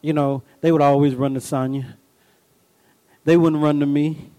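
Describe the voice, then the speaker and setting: A middle-aged male pastor with a high voice, preaching a sermon. He moves from folksy storytelling and call-and-response asides into animated, emphatic bursts that climb in pitch. His delivery is lively and personal, like he is talking straight to the congregation. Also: normal speed, rough recording.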